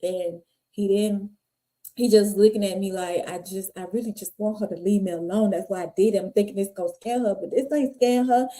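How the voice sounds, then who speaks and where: A woman's voice: mid-range voice, a little fast. A woman, guest on an interview podcast, telling her life story candidly and acting out the people in it. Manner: animated, acts out voices in her stories.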